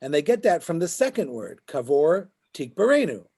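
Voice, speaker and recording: A man's voice: on the high side, sing-song, moderate pace, warm tone, husky. A man teaching a Talmud class as a rabbi, explaining the text and checking in with his students as he goes. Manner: explains as he goes, keeps asking "right?". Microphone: video call.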